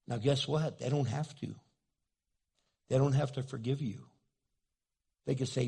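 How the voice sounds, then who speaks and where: A man's voice: mid-range voice, normal speed, vocal fry, warm tone, husky. A male pastor preaching a sermon in a storytelling, self-mocking way, acting out little dialogues.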